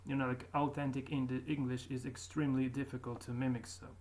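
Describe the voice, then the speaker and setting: A man's voice: mid-range voice, fast talker. A man commenting casually on his own old videos, talking hesitantly with many fillers and restarts. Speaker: YouTuber reviewing his own accent progress. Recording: steady background noise.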